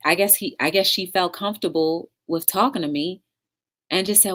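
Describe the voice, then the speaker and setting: A woman's voice: on the low side, moderate pace, fairly bright tone. A woman hosting a casual livestream talk show, chatting with viewers in the live chat and encouraging them.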